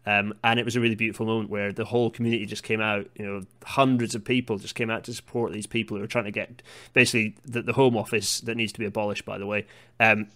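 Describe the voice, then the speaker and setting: A man's voice: fairly low pitch, level tone, fast talker, sharp tone. A man hosting a podcast in casual chat, rambling and digressive, with a self-deprecating manner. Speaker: podcast host.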